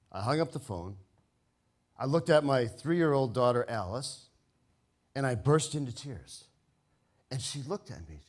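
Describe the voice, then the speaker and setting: An older man telling a comic, personal story live on stage, wry and halting, with frequent restarts. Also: medium pitch, lively intonation.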